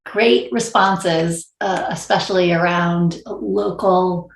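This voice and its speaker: A woman with a New York accent talks through her ideas as a panelist on a video call. Her voice sits a little low, and she keeps restarting and searching for the right word. The room around her sounds noticeably echoey. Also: fairly even intonation, takes it slowly, vocal fry. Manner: thoughtful, wordy, many restarts. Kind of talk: panel discussion.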